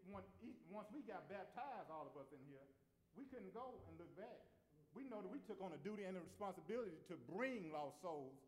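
Here the preacher's voice is high-pitched and a little mellow, with slight background noise behind it. He delivers his sermon in a conversational way, often circling back to repeat or restart phrases.

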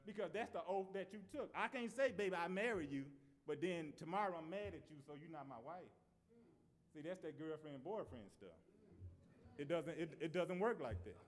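A man's voice: on the high side, lively intonation, moderate pace. A man. He talks in a conversational way, often repeating and restarting his phrases as he goes. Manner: conversational preaching with repetitions and restarts. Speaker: preacher. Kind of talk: sermon.

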